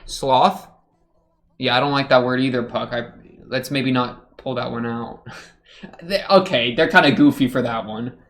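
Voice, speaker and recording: A man's voice: medium pitch, a little slow, fairly bright tone. Chatty young man reacting to anime. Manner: chatty, joking, muttering asides. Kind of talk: casual reaction commentary.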